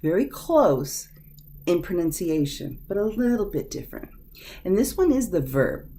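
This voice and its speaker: A woman teaching a vocabulary lesson, sounding out words slowly and carefully. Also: fairly low pitch, big pitch swings, dark tone, slight background noise. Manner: slow, careful over-enunciation of words.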